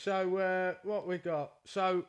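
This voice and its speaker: A man, a tattoo artist, speaks in a high voice. His casual delivery is full of fillers and restarts, and he often chimes in on his co-host. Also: little pitch movement, takes it slowly, smooth. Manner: hesitant, many fillers and restarts, chiming in. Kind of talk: casual banter.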